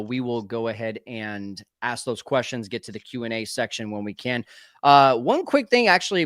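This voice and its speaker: A man's voice: medium pitch, fairly bright tone, clear, resonant tone, no echo, clean studio sound. A man hosting a live sports talk stream, upbeat and chatty, calling his guests brother. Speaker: podcast host.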